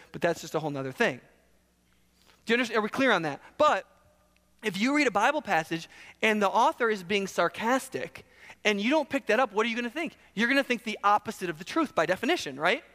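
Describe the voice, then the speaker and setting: A man preaching in a church hall, his high voice carrying a long reverb around the room. He preaches in an easygoing, conversational way, often stopping to ask the congregation whether they follow. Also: quick pace. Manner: conversational, animated, asks the audience questions. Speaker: pastor. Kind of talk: sermon.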